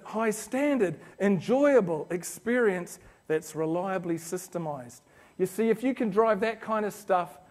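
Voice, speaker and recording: A man in his forties giving a motivational conference talk, telling stories and acting out little scenes. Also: sits high. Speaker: conference speaker. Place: conference hall.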